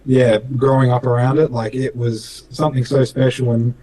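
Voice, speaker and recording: In a casual interview, a young racing driver from Western Australia tells racing stories with an Australian accent, earnest and rambling and full of fillers. He speaks at a normal speed in a medium-pitched, dark voice with a flat delivery. The recording is low quality.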